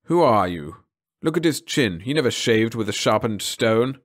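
A man voicing a stern, shrewd old alien officer in a read-along story, speaking slowly in clipped, commanding lines. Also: mid-range voice, animated, close to an everyday voice. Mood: suspicious.

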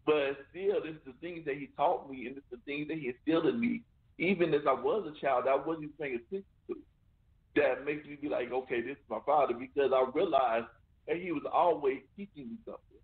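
A man's voice: fairly high pitch, fairly quick. A man hosting a radio talk show, speaking conversationally and often asking "you know what I'm saying". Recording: tinny phone line.

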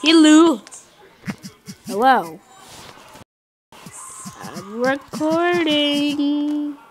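A woman giving casual gameplay commentary, excitable, often yelling and taunting at the game. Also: sits high, extremely slow, poor audio. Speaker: gaming video host.

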